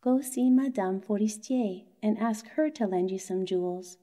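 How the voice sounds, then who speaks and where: A woman voicing an earnest young male clerk who pleads with his wife in a bedtime story, in a gently insistent manner. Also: medium pitch, normal speed, lightly acted. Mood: coaxing.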